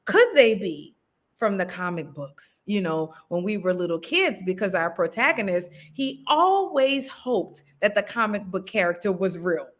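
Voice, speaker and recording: A woman's voice: medium pitch, big pitch swings, measured pace. A woman, a writer and actor, chatting casually as an interview guest with frequent ums. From New Orleans.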